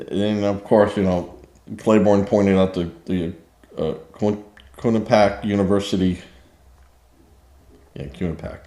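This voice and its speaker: A man's voice: fairly low pitch, dark tone, reverberant. A man hosting a political commentary show, talking indignantly and sarcastically, with many fillers and restarts. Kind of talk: opinion commentary monologue.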